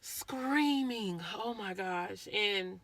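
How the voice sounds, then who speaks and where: Bright-voiced woman telling a painful story. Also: mid-range voice, very slow, a little hiss or hum. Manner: earnest, repeats herself, acts out quotes. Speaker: vlogger. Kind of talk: emotional personal storytelling.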